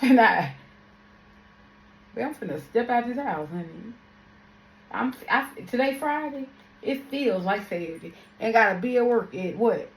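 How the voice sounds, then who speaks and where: A woman's voice: a little high, reverberant. A young woman from Louisiana, chatting casually to her viewers in a slangy, laughing vlog. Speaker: makeup artist vlogger.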